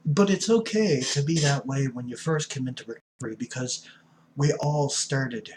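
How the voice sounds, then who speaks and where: A man's voice: medium pitch, normal speed, darkish tone, a little hiss or hum, low-quality recording. A man in his fifties talking in a casual vlog, playful and theatrical, dropping into whispers and spelling words out. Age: 50s. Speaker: addiction counselor vlogger. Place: rooming house room at night.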